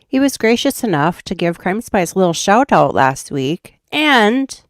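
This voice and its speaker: Brief: Minnesotan woman, true crime streamer, rambling casual chat, low pitch, dry sound. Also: big pitch swings, normal speed, dry recording. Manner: chatty, rambling, laughs often. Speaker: true crime YouTube host.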